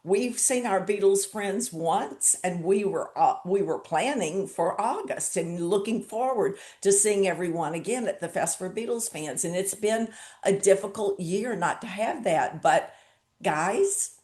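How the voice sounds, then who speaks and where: A woman hosting an interview show, chatting with enthusiasm and warm praise for her guest. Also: mid-range voice, animated, measured pace. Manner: enthusiastic, gushing. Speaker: host. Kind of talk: casual interview chat.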